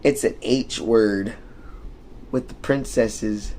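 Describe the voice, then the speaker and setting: Slow and a bit mellow, the fairly low voice belongs to a young male streamer from the United States, with a faint hiss or hum in the recording. He spins stories in a loose, rambling rant, cursing often and filling gaps with ums and likes.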